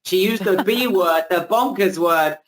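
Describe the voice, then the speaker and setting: A man hosting a live webinar, pitching energetically and repeating himself, losing his voice a little. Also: unhurried, fairly bright tone, a little hiss or hum, rough recording. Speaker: webinar host. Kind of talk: hyped live sales pitch. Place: home, indoors.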